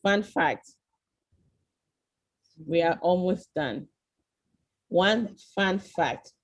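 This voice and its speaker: A woman with a fairly low voice and drawn-out words presents an interactive online class over a video call as a virtual tour presenter. Encouraging throughout, she keeps quizzing her listeners with "okay?" and "right?"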